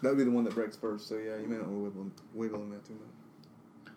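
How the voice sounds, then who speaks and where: A man's voice: lowish voice, level tone, fast, dark tone, a little hiss or hum. A man co-hosting a casual podcast, telling rambling, profane stories while drinking. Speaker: podcast co-host. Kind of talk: casual chat.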